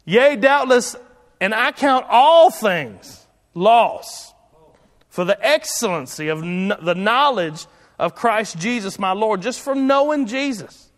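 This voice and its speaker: Pastor, high voice, folksy sermon delivery, echoing church hall. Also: male voice, lively intonation, takes it slowly. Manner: folksy, conversational preaching with repetitions and restarts.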